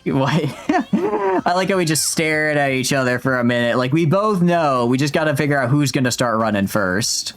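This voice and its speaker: A man's voice: mid-range voice, animated, normal speed, fairly bright tone, faint music behind. A young man casually streaming a game, reading the dialogue aloud and joking with his chat, with a slightly sore throat. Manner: jokey, chatty, reads lines out with asides to chat.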